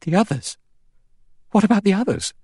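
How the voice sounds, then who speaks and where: A man's voice: mid-range voice, big pitch swings, a little fast, husky, dry recording, voice pushed up. A man voicing a frightened young woman close to panic, speaking in a breathless, pleading way in an audiobook. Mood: anxious.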